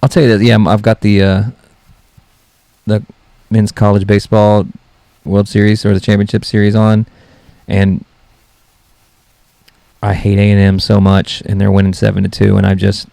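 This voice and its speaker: A man's voice: lowish voice, monotone, moderate pace, creaky, pauses often, warm tone, dry recording. A young man hosting a solo comedy podcast, rambling and mocking himself as he jokes. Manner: rambling, self-mocking, jokey. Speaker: podcast host.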